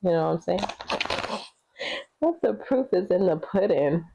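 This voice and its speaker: A woman's voice: lowish voice, animated, a little slow, creaky, highs cut off, noisy background. A woman giving casual tarot readings, chatty and rambling with lots of fillers, laughing easily. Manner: sings song snippets between readings. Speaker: tarot reader.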